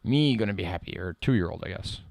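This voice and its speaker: A middle-aged man streaming live code work, reading lines aloud and thinking out loud in a casual way. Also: low voice, expressive, a little fast, no echo. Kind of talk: casual live-coding commentary.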